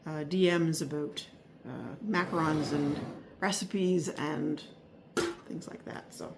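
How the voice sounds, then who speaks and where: Low-pitched and creaky, this woman's voice takes things slowly against background noise. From an upstairs spare room at home, the vlogger gives a casual, hesitant weekly garden update packed with fillers and restarts, sounding a little out of breath.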